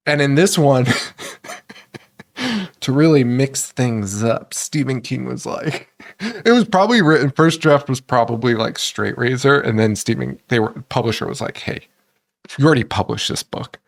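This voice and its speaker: A man's voice: mid-range voice, animated, a little slow, gravelly. A man co-hosting a horror movie podcast, talking casually, swearing a lot, laughing often and acting out lines from films. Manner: profane, laughing, acts out movie lines in put-on voices. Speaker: podcast co-host.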